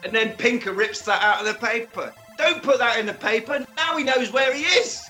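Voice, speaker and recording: A man co-hosting a podcast, recapping a film in casual chat with animated, joking retelling and acted-out quotes. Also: very high voice, a little fast, soft background music. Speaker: podcast co-host.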